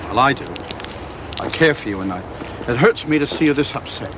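An actor in a television soap playing a kindly, protective working man who talks slowly and gently. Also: medium pitch, lively intonation, background noise, natural voice. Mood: gentle.

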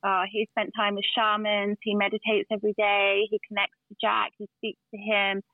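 A woman's voice: medium pitch, monotone, normal speed, no room sound. Woman on a tinny phone line. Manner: earnest, storytelling with restarts and fillers. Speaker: guest. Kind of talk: casual chat.

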